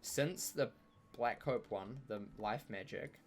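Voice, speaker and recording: A man's voice: mid-range voice, slow pace, a little hiss or hum. A man giving chatty, playful live commentary on a game he streams, with joking trash talk aimed at the enemies.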